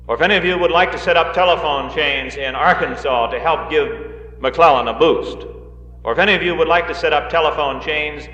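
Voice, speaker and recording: The guest speaker at this political rally has a fairly high, pushed and bright voice as he addresses the audience live in a large hall. He is folksy and joking, with frequent hesitant fillers, recorded on a roomy, dull 1960s reel.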